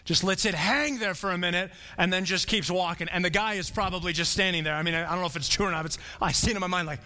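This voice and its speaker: A man's voice: sits high, steady tone, fast, sharp tone, in a large hall. A man preaching a sermon in a conversational way, acting out the quotes he reads. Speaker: pastor.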